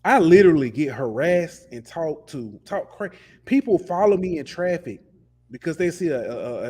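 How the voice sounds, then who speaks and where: Male sports podcast co-host, fired-up rant, slightly higher voice, casual and repetitive. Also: a little mellow, slightly rough. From lives in Alabama. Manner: passionate, ranting, repeats words.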